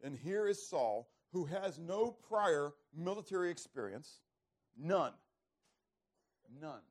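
Preaching man, loud then hushed. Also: sits high, big pitch swings, a little slow. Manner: rhetorical questions to the congregation, swings from loud to hushed. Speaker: pastor. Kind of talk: sermon.

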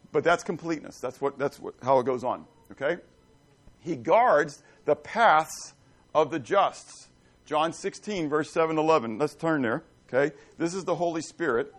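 A man's voice: fairly high pitch, normal speed. A middle-aged man preaching a conversational sermon, telling folksy stories and checking in with the congregation with questions. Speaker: pastor.

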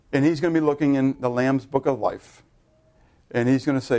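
A middle-aged man preaching a sermon, animated and conversational, asking the congregation to answer and correcting himself in loose asides. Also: medium pitch, brisk. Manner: animated preaching with audience call-and-response. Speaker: pastor.

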